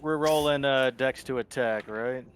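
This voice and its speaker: A man playing a tabletop game, relaxed and casual as he reads out his dice rolls. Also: medium pitch, a little slow, slight background noise. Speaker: player.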